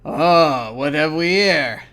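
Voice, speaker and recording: A cocky demon bowler with slicked-back hair and a forked tongue, smug and taunting, as a man puts him on. He talks in a fairly high voice for a man. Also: lively intonation, takes it slowly, fairly bright tone.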